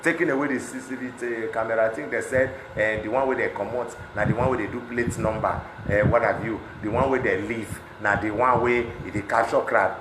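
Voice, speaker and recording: A Nigerian man with a Pidgin-inflected accent, speaking in an impassioned monologue that swings between loud outbursts and low muttering. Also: fairly even intonation, brisk, few pauses, noisy background. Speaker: celebrity speaking on protests. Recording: echoey room.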